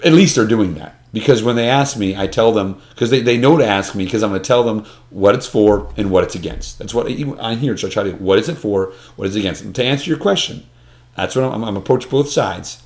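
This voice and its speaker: A man's voice: fairly low pitch, quick pace, darkish tone. A man in casual discussion, earnest and emphatic, often restarting his sentences with repeated words. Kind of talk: conversational discussion.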